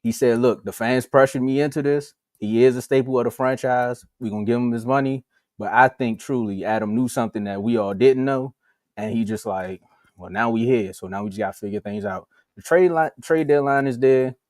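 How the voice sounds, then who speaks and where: A man co-hosting a sports talk show in casual, animated, slangy chat over a video call. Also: medium pitch, a little fast, dry recording, studio quality. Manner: animated, slangy, acts out quotes.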